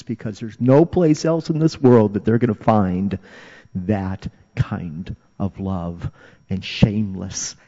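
A man's voice: lowish voice, dark tone. Man, pastor, sermon, earnest, repeats for emphasis, long hall reverb. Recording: dull, reverberant hall recording.

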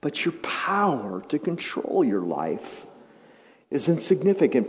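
A male pastor preaching a sermon, moving from quiet, reflective passages to loud, emphatic build-ups. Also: mid-range voice, sing-song, a little slow. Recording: muffled sound with long hall reverb.

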